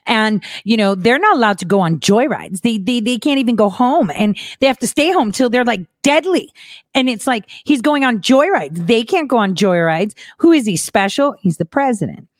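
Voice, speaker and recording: A woman's voice: fairly high pitch, animated, moderate pace, no echo, studio quality. A woman hosting a commentary show, reacting to news clips with sarcasm and mocking impressions.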